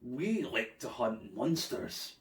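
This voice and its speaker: A man's voice: mid-range voice, sing-song, slow pace. A man voicing a group of eager, curious children in a story for kids. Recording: echoey room.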